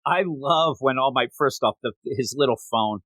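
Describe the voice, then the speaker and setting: Lively bright-voiced male podcast host. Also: medium pitch, moderate pace, dry recording. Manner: lively, laughs often. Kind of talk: casual chat recapping a manga chapter.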